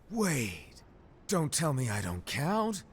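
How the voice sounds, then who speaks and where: A man's voice: a little high, a little hiss or hum, heavily acted. An actor playing a playful, mischievous male mentor in a game cutscene, teasing and coaxing his apprentice.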